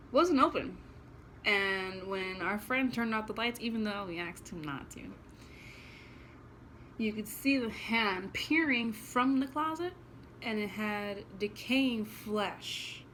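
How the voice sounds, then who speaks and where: Woman vlogger, casual storytime delivery, plain everyday pitch, blunt and emotional. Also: a bit bright, a little hiss or hum, low-quality recording.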